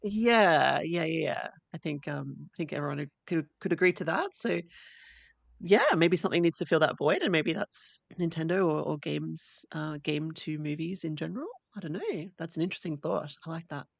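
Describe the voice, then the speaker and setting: A woman's voice: sits low, normal speed, creaky, dry recording. A woman co-hosting a podcast in casual chat, losing her voice a little, chatty and laughing often. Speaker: podcast co-host.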